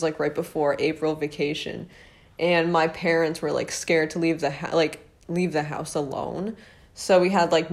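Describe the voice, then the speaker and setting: A young woman telling a personal high school story in a rambling, casual way, full of fillers and little laughs. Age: young adult.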